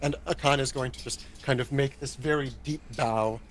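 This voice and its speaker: A man's voice: medium pitch, steady tone, normal speed, a little hiss or hum, poor audio. A man playing a tabletop game, casually describing what his character does. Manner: casual, describing actions with fillers. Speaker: player.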